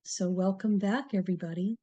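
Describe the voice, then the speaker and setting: A woman hosting a TV talk, giving a slow, encouraging motivational talk to viewers with many pauses. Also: medium pitch, steady tone, highs cut off. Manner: slow, pausing, soft-spoken and encouraging. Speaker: TV show host, speaker on word power.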